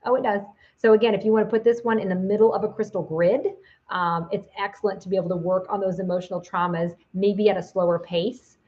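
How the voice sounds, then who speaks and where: A woman's voice: mid-range voice, steady tone, quick pace, a little mellow, muffled recording. A woman giving a casual video lesson as a psychic teacher, chatty, with many fillers and restarts.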